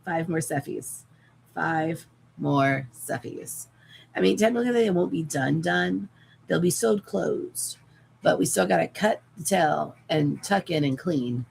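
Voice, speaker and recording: A woman with a deep, heavily gravelly voice rambles casually while she works on a craft live stream. Her voice is strained and keeps cracking, and she swears lightly. A faint hiss sits under the recording. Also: animated, unhurried, darkish tone, poor audio. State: voice cracking and giving out. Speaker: crafting livestreamer.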